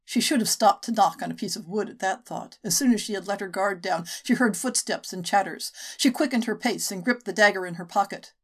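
A woman narrating a short story for a podcast in a measured, steady way. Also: mid-range voice. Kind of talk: audiobook narration.

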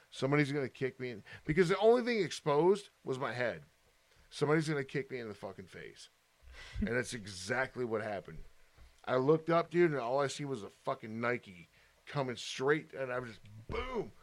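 A man telling a wild fight story in casual chat, swearing constantly and animated. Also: medium pitch.

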